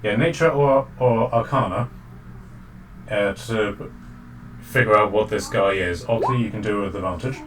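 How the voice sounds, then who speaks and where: A man's voice: fairly low pitch, moderate pace. A man narrating a tabletop game as dungeon master, rambling with many ums and restarts. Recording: distant mic with faint noise.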